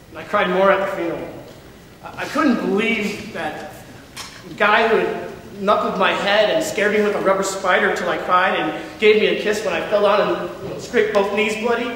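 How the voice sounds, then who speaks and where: A young man gives a reflective, first-person dramatic reading of a story. His voice is bright and fairly high. He sounds distant, in a big hall with long reverb and faint room noise. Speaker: performer. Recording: echoey hall from far off.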